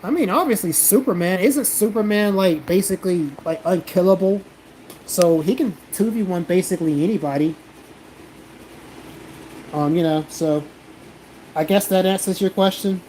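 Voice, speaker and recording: A man's voice: high voice, moderate pace, pauses often, dark tone, a little hiss or hum, rough recording. A man from the American South, chatting casually on a live stream and answering comments in a blunt, profane, defensive way. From South Carolina, American South.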